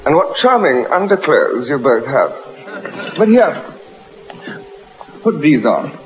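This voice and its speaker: Smarmy, courteous gent. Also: male voice, fairly high pitch, big pitch swings, slow pace, faint music behind. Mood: mock courteous. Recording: echoey, reverberant, lo-fi film clip.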